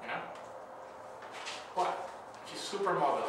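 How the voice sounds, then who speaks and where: A man's voice: medium pitch, moderate pace. A man giving a casual Bible school lecture, talking conversationally and checking in with the class with frequent questions. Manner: conversational, asks the class "right?" often, acts out scenarios. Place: church classroom. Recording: echoey room, far mic, background noise.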